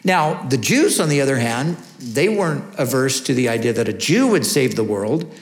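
A man's voice: mid-range voice, expressive, normal speed. A man preaching a sermon, teaching earnestly and asking rhetorical questions. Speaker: pastor. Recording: echoey room.

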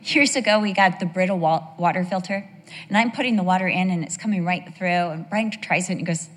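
Speaking briskly in a lowish voice, a middle-aged American woman delivers a devotional sermon to women, full of personal anecdotes, casual chat, and questions to the audience. The recording has the long reverb of a large hall.

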